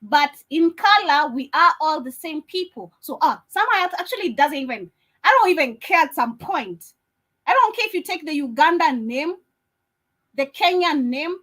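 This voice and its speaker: A woman's voice: high-pitched, lively intonation, moderate pace, a bit bright. A woman from Africa hosting a livestream, talking in a blunt, emphatic and sarcastic way. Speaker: livestream host. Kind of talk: casual livestream commentary.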